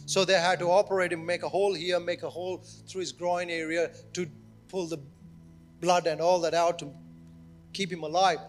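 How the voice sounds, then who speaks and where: A man's voice: sits high, little pitch movement, moderate pace, faint music behind. A man preaching a sermon as pastor, telling a story with animation and acting out what people said. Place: church service.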